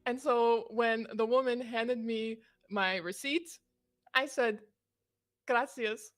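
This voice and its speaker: A Canadian woman co-casting a game stream, telling animated stories with frequent laughter. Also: on the high side. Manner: animated storyteller, quick laughs. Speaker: esports caster. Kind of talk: casual stream chat.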